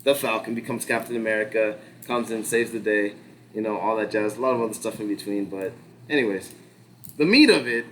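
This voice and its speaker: A man with a fairly low voice talks through a show recap in relaxed, meandering podcast chat. He leans on fillers and restarts and swears freely as he goes. A faint ambient hum sits behind him. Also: fairly quick. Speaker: podcast co-host. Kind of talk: casual pop-culture discussion.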